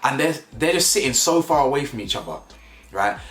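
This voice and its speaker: A man's voice: mid-range voice, expressive, a little fast, a bit bright. A young man reviewing a reality show in an emphatic, slangy rant, repeating words for stress. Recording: echoey room with faint music.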